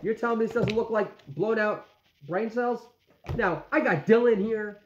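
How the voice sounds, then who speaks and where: In a comic, rambling rant, a man in his forties pokes fun at himself over his food, using many fillers; he's a vlogger dad. He speaks in a high voice at a moderate pace, recorded with dull lo-fi sound in an echoey room with slight background noise.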